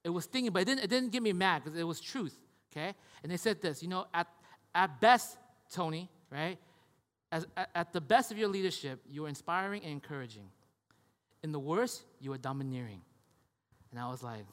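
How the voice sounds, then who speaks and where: A man's voice: high-pitched, lively intonation, quick pace, a bit bright, long reverb tail. A male pastor preaching a conversational sermon, often restarting words and checking in with his listeners.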